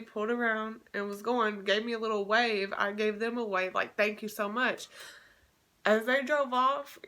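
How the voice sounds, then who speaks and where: A woman's voice: medium pitch, sharp tone. A young woman telling a story in a casual vlog, chatty and emotional, with many restarts. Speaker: vlogger.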